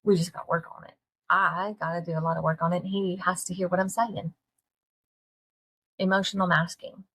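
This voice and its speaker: A middle-aged woman talks straight to her listeners, earnest and folksy. Her voice sits on the low side and has a husky grain, and she keeps asking her audience direct questions. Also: level tone, brisk, long pauses, fairly bright tone. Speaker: podcast host. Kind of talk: candid solo talk to listeners.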